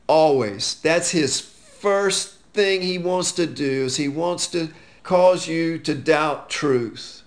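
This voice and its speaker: A man teaching a verse-by-verse Bible study, quoting scripture with slow, emphatic stress. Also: fairly high pitch, creaky.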